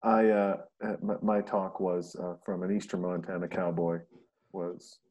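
A man's voice: deep voice, level tone, measured pace, darkish tone, husky, lo-fi sound. A man co-hosting a casual movie chat, laid-back with dry humor. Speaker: podcast co-host.

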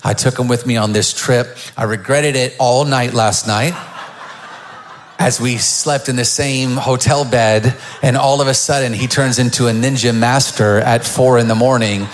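A man's voice: mid-range voice, a little hiss or hum. A middle-aged man preaching a sermon as pastor in a church, joking and telling stories before building to fervent preaching. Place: church stage.

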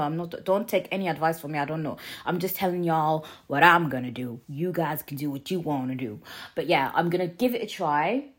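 Young woman, podcast host, casual rambling, slightly low voice, lingering cough. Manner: chatty, rambling, self-deprecating, lots of fillers and restarts. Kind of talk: casual solo podcast chat. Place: mum's living room.

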